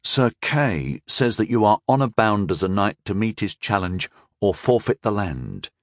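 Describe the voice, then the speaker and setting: A man's voice: on the low side, expressive, unhurried, no echo, clean studio sound. A man voicing a blunt, eager young male squire with a crude, scheming manner. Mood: urgent.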